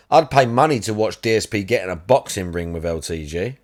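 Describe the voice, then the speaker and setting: A man hosting a livestream, talking in a crude, mocking, rapid-fire way. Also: fairly low pitch, expressive. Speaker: livestream host. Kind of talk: casual livestream commentary.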